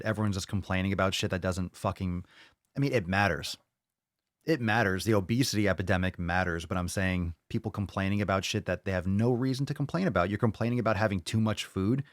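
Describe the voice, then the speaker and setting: A man's voice: sits low, no room sound, studio quality. A male podcast host talking in a casual, profane, fired-up rant to his live audience. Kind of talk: casual livestream podcast chat.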